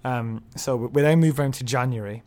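A man co-hosting a casual book discussion, relaxed as he summarises the plot and laughs along. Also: mid-range voice, a little fast. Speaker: podcast co-host.

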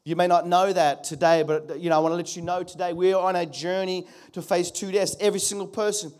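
A man preaches a sermon from the pulpit, with a voice that sits noticeably high for a man. He speaks earnestly and draws his listeners in with rhetorical questions and calls for a response. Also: fairly even intonation, quick pace, a little mellow. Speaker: pastor.

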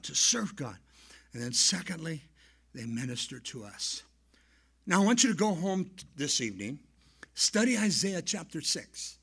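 A male pastor preaching a sermon and telling stories, swinging from soft asides to loud emphasis. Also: high-pitched, husky. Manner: animated storyteller, swings between soft and loud. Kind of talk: sermon with storytelling.

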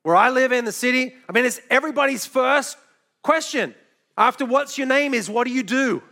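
A middle-aged male pastor giving a sermon in a conversational, storytelling way, with quick asides and light laughs. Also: very high voice, pushed and bright.

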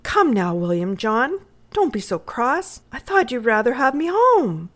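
An earnest, hopeful young boy, as a woman reader puts him on, pitched clearly above her usual voice. He speaks with eager sincerity and keeps trying to please. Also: sing-song, unhurried. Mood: coaxing.

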